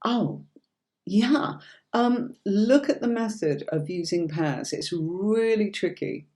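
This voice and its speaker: On a livestream, a woman from Yorkshire with a slight accent teaches tarot, reassuring and chatty, calling everyone darling. Her medium-pitched voice is animated yet slow and mellow.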